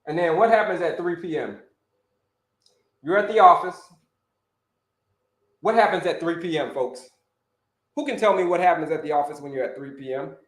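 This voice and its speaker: Energetic man coaching in an echoey room. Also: fairly high pitch, normal speed, pauses often. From Orlando, Florida. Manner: energetic, repetitive, calls out to viewers. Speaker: health coach and livestream host. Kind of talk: casual live-stream teaching.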